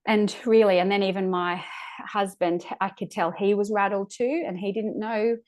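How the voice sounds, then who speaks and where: A woman, a podcast guest, recounts a personal birth story in a halting way, searching for words and restarting her sentences, sounding close to tears at times. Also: mid-range voice, fairly even intonation, darkish tone.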